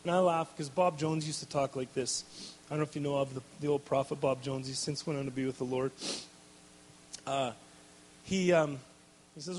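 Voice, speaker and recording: A man preaching a storytelling sermon to a live audience, animated, laughing often and restarting his sentences. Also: mid-range voice, moderate pace, long pauses. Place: large hall before a live audience. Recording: long hall reverb.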